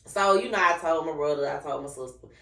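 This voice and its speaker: A woman with a deep, low voice hosts a casual podcast and tells a personal story with lively energy. She slips into the voices of the people she quotes as she goes. The sound is roomy and echoey, and the mic sits some way off. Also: fast, gravelly. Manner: animated, acts out quoted voices. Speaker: podcast host. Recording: roomy echo, mic at a distance.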